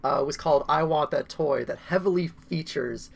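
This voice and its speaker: A man's voice: on the high side, normal speed, creaky, slight background noise. A man guesting on a podcast in casual chat, blunt and swearing.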